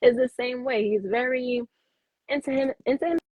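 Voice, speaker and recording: A woman chatting as a guest on a livestream. She tells stories and quotes others in lively voices. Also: sits high, normal speed, no echo. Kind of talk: casual chat on a livestream.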